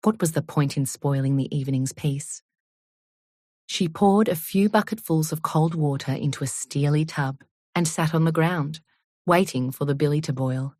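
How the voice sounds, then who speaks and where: Woman audiobook narrator, low voice, measured unhurried reading, dry close studio sound. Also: darkish tone, no room sound.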